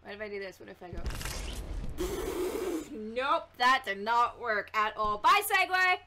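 A young woman commentating a video game, loud and excitable, yelling, swearing and laughing at the game. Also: on the high side, a little slow, background noise. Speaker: gameplay commentator. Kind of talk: let's play commentary.

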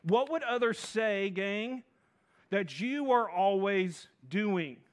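A man preaching a sermon as a minister in a church, energetic, calling out to the congregation and often repeating and restarting his phrases. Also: high voice, slow pace. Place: church sanctuary.

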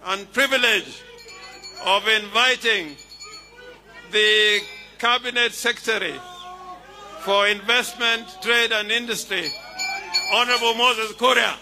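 Kenyan emcee guy, formal intro, slow and very bright voice. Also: sits high. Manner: formal and measured. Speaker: master of ceremonies.

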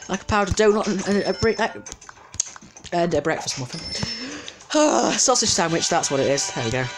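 A man's voice: sits high, animated, normal speed, over music. A man giving casual let's-play commentary, chatty and easily distracted, talking back at the game's customers. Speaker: gameplay commentator.

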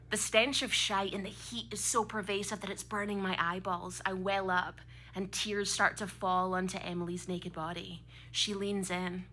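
A woman's voice: mid-range voice, sharp tone. A Scottish woman around thirty performing a personal story live on a club stage, with a vivid, comic, dramatic delivery. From Scotland.

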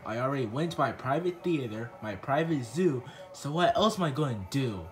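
A man's voice: mid-range voice, expressive, normal speed, soft background music, lightly acted. A man doing a smug spoiled rich guy. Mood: bored. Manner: bossy, drawling, condescending.

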